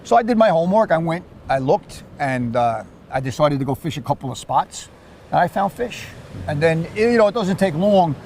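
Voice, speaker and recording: A man with a New York accent, chatting casually about fishing and telling animated stories, repeating and restarting his words. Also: on the high side, normal speed, a little hiss or hum. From Queens, New York. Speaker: surf fisherman. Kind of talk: casual chat.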